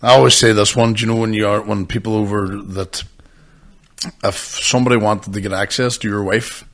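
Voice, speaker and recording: A man's voice: fairly low pitch, steady tone, fairly quick. A man, co-hosting a casual podcast chat and telling sweary stories. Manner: sweary storyteller, bursts into loud impressions. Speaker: podcast co-host.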